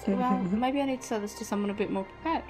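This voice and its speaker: A woman's voice: mid-range voice, fast talker, over music. A woman co-hosting a casual reaction chat, mostly giving short agreeing replies and quoting lines. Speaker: reaction channel co-host.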